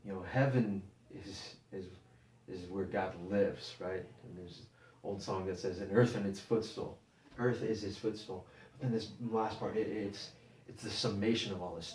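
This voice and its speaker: A man preaching a sermon, halting and repeating words as he explains scripture. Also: on the low side, darkish tone, a little hiss or hum. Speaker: pastor. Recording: echoey room, mic at a distance.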